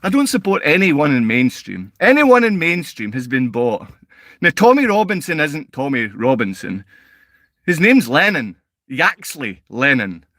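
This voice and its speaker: A man's voice: fairly high pitch, big pitch swings, a little slow, no echo. A man hosting a live stream, answering chat comments in a combative, insulting rant. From Scotland. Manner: combative, insulting, rising to shouted outbursts. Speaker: livestream host and father.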